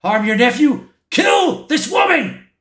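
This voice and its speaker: A man's voice: high voice, normal speed, fairly bright tone, reverberant. A man voicing a fierce, protective young mother with urgent, pleading lines.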